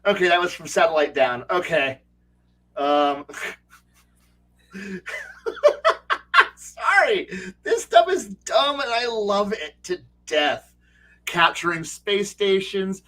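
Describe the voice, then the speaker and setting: A man telling game master stories in casual livestream chat, excitable and rambling, with frequent swearing. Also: high-pitched, slow pace, long pauses. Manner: excitable, rambling, profane storytelling. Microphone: streaming setup mic.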